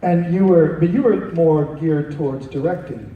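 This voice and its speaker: A man's voice: a little high, moderate pace, phone-quality sound. A man interviewing a guest at a convention panel, asking short follow-up questions. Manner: brief prompts and follow-up questions. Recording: roomy, distant mic, faint hiss.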